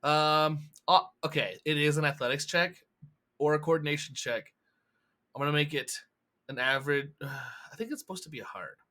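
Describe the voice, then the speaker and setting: Bright-voiced man running a tabletop game. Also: on the high side, normal speed. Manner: giggly, hesitant, lots of ums. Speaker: game master.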